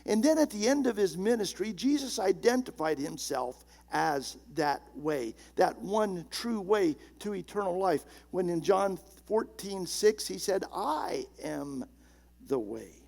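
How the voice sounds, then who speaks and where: A male pastor preaching a sermon, emphatic, slowing down and dropping low and soft on key words.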